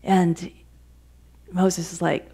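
A woman's voice: fairly low pitch, flat delivery, very slow, vocal fry, mellow, husky. A woman minister giving a sermon in a church sanctuary, in a conversational, storytelling way. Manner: conversational, storytelling, frequent "you know".

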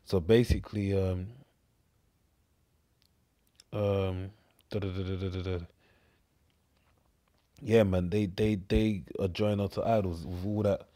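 Male preacher, Cockney accent, low dark voice, rambling scripture talk. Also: level tone, slow, pauses often. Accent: London Cockney. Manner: rambling, repeats words, says "man" and "mate" often. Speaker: street preacher.

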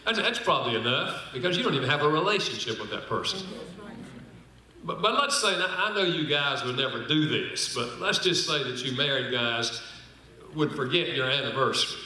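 An older man teaches at a conference in a sermon-style way, telling anecdotes, acting out the quoted lines and joking with the audience. His mid-range voice is bright and forceful, brisk, with lively intonation. The audio is roomy hall sound from a distant mic.

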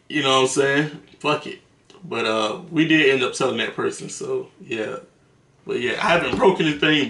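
A man's voice: medium pitch, creaky, pushed and bright. A man telling stories to the camera in a casual, slangy, profane way, laughing between them. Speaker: vlogger. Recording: roomy echo.

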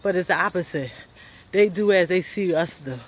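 Out on a sunny street in her neighborhood, a woman with a fairly low voice vlogs at a normal speed while walking. This fitness vlogger is breathless, chatty, and encouraging, calling viewers honey and y'all as she motivates them to move.

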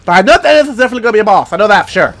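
A young man commentating his gameplay, excitable and profane, blurting sound effects as he plays. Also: sits high, racing. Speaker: gaming commentator. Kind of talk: let's play commentary.

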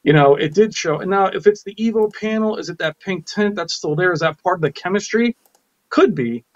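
An opinionated man co-hosts a live tech chat, speaking with enthusiasm in a slightly higher voice. His sound is a bit dull and muffled. It is also dry, with no room echo. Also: a little fast. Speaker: co-host.

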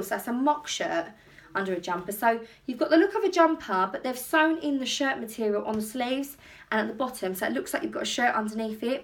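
A woman's voice: fairly high pitch, a bit bright. Chatty woman trying on clothes. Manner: chatty, self-deprecating, rambling. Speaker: vlogger. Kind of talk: casual try-on haul chat. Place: home bedroom.

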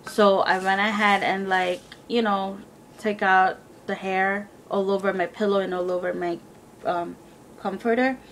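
A woman's voice: mid-range voice, fairly even intonation, measured pace, fairly bright tone, slight background noise. A young woman casually telling a personal story to the camera, rambling with lots of fillers and acting out what everyone said. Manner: rambling, filler-heavy retelling with quoted dialogue. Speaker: vlogger.

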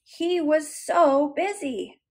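A woman's voice: high voice, slow, darkish tone. A woman leading a preschool circle time lesson and reading a picture book aloud, encouraging and sounding out letters. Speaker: preschool teacher.

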